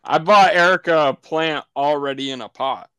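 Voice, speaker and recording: A man's voice: fairly high pitch, normal speed, pushed and bright, clear, resonant tone, no echo. A man co-hosting a casual podcast, telling a story in a laid-back way. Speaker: podcast co-host. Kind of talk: casual chat.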